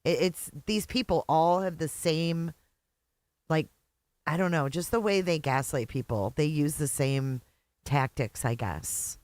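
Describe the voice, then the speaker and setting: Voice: mid-range voice, a little slow, a little mellow, no echo. A streamer hosting a live reaction stream, commenting sarcastically and with disbelief while greeting people in chat.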